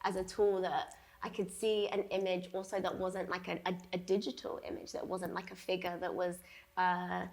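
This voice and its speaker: A woman's voice: lowish voice, monotone, moderate pace, a little mellow. A young woman speaking as an artist in a public gallery conversation, chatty, with many fillers and frequent laughs. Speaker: artist discussing her exhibition. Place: gallery talk before an audience.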